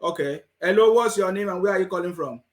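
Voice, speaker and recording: A man hosting a call-in talk show, taking callers in a brisk, encouraging manner. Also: sits high. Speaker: host.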